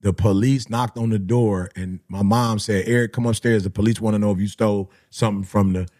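Husky man telling stories. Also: brisk. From Detroit area. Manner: animated, slangy, acts out voices with big pitch jumps. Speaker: motivational speaker. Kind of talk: storytelling talk.

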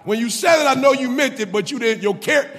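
A man's voice: very high-pitched, a little fast, a bit bright, pitched above the performer's own voice. A man preaching, voicing the Lord in casual speech as he presses a disciple to face him, in a reverberant hall. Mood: pressing. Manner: casual street-talking rebuke. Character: the Lord, a patient but pressing male divine voice.

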